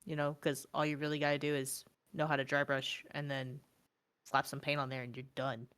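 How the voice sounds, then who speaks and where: A woman's voice: extremely low pitch, level tone, a little fast, a bit bright, clear, resonant tone. A young woman co-hosting a stream, chatting casually with lots of fillers. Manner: rambling, filler-heavy, laughs often. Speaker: stream co-host. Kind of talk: casual chat about miniature painting.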